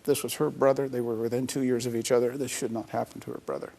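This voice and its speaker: This is a middle-aged man speaking in an interview. His voice sits at an ordinary, middle pitch. He recounts a personal story in an earnest, reflective way. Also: level tone, fast talker, warm tone. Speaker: interview guest, author.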